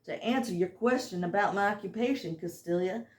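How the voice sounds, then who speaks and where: A woman reading the lines of a calm, serious father who was once a guard officer, in an amateur audiobook. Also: medium pitch, a little fast, reverberant, natural voice.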